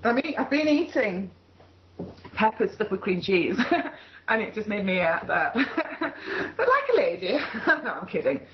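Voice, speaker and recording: A woman's voice: mid-range voice, sing-song, measured pace, highs cut off, slight background noise. A woman with a Yorkshire accent talking casually on a video call, rambling and chatty with easy laughter. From Leeds area, England. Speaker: call participant. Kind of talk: casual conversation.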